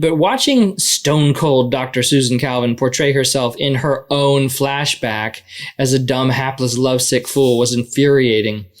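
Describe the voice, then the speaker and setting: A man co-hosting a podcast, chatting casually with dry, teasing humor while reading trivia and reviews. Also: medium pitch. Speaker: podcast co-host.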